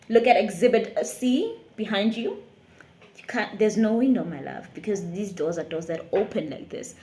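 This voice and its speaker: A South African woman, a YouTuber, telling a lively storytime tale with frequent laughter. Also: fairly high pitch, echoey room. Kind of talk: storytime vlog.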